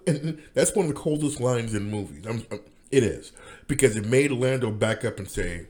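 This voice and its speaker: A man's voice: on the low side, expressive, brisk, darkish tone. A man rambling through a casual monologue as podcast host, with many restarts and fillers.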